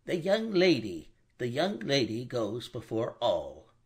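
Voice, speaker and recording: A fussy, mild older bank clerk, as a male narrator puts him on in an audiobook, hesitant and precise as he answers. The husky voice is pushed up high and moves widely in pitch. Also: wildly swooping pitch, slow pace, a little mellow, heavily acted. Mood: earnest.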